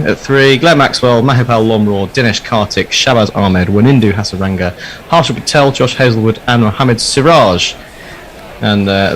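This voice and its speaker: A man's voice: medium pitch, a little hiss or hum, poor audio. A man hosting a casual ball-by-ball cricket commentary in a chatty, easygoing way. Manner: easygoing, chatty, laughs readily.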